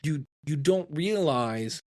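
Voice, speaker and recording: Speaking slowly in a fairly high voice, this Ohio-born podcast guest in middle age spins stories during a relaxed interview. He performs the quoted lines as he goes.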